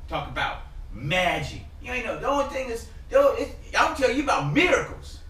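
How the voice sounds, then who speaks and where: A man's voice: high-pitched, expressive, unhurried, pitched above the performer's own voice. A man putting on a rowdy, slangy, trash-talking character who mocks the host, in a home workshop. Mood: threatening. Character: loud mouthy man mocking the host.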